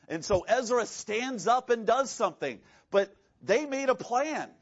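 Male pastor, high voice, lively sermon delivery with acted-out voices, dull lo-fi recording. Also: measured pace, hardly any pauses. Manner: animated, acts out quoted voices, shifts between loud and hushed. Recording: dull lo-fi sound.

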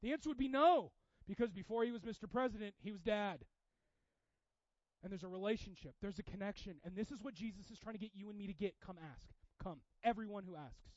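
A pastor with a high voice preaches a fast, passionate sermon, swinging between hushed, intimate stretches and loud, urgent ones. The sound is dry and close with no room sound, and the tone is slightly dull and muffled.

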